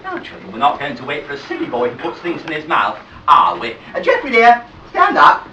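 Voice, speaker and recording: A man's voice: fairly high pitch, wildly swooping pitch, a little fast, highs cut off, noisy background. A man playing a genteel, middle-aged English nursery teacher woman, coaxing and scolding small children in a prim, sing-song way, live on a pub stage. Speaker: cabaret performer. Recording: roomy live sound from a distance with piano.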